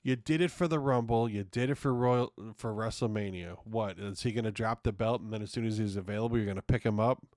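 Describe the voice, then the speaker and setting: Slightly fast and barely pausing, this podcast host has a lowish, darkish voice recorded at studio quality with no echo. He's on his own show, ranting casually and cursing a lot in frustration.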